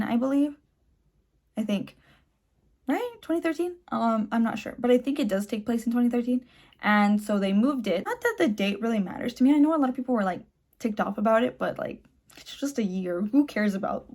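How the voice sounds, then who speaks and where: A young woman with a somewhat high voice talks through her reactions in a loose, rambling way, dropping "like" and "um" as she goes. She sounds eager and chatty, speaking into a phone at home late at night. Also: darkish tone. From Mexican heritage. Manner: chatty, filler-heavy, enthusiastic. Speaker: channel host. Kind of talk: casual reaction vlog.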